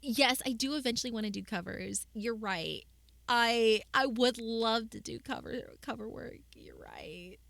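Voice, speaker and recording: A woman's voice: on the high side, normal speed, vocal fry, fairly bright tone, no room sound. A young woman streamer chatting casually with her viewers, rambling with lots of fillers and restarts.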